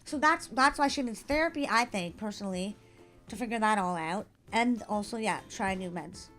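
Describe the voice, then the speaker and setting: A woman's voice: medium pitch, expressive, normal speed, a bit bright, soft background music. A woman co-hosting a reaction video who keeps asking questions, reacts with disgust, and explains her views earnestly. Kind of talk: casual reaction chat.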